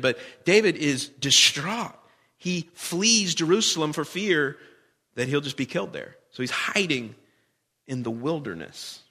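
A man's voice: on the high side, bright, forceful tone, in a large hall. A man preaching a sermon, talking conversationally and putting questions to the congregation. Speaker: pastor.

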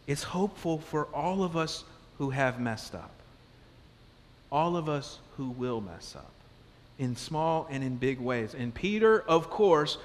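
Animated male pastor preaching in a hall. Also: on the high side. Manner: animated, conversational preaching with rhetorical questions. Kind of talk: sermon. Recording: long reverb of a large hall.

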